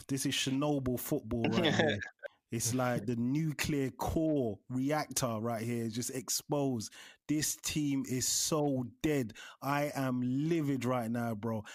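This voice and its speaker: A man vents about his football team in an animated, fed-up rant. His voice sits at a middling pitch and sounds dry and close, with no room around it. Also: no room sound. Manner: animated, exasperated, says bruv a lot. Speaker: podcast guest. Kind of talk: heated fan podcast rant.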